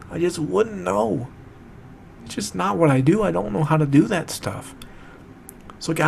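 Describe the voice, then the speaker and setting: A young man speaks to the camera, distraught and holding back tears. His voice is a little high and gravelly with a rough, creaky edge. He talks in halting, repetitive bursts and swears as he struggles to find the words, over a faint hiss. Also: a little mellow. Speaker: video maker addressing a friend. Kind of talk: emotional direct-to-camera monologue.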